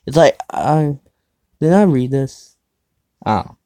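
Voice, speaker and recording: Guy reading fanfic on his show, slow and mellow, keeps stopping to snark at it. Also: on the high side, animated, no echo. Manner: sarcastic asides, stumbles over the text. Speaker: show host reading fan fiction. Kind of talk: casual dramatic reading with commentary.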